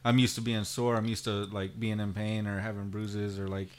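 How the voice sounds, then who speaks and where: A man's voice: lowish voice, little pitch movement, normal speed. A man co-hosting a casual podcast, rambling and repeating himself. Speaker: podcast co-host and editor. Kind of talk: casual chat.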